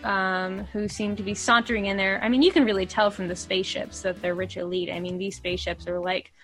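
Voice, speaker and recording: Woman game master narrating a tabletop game, rambling with fillers, mid pitch. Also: steady tone, fairly quick, soft background music. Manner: rambling, filler-heavy descriptions.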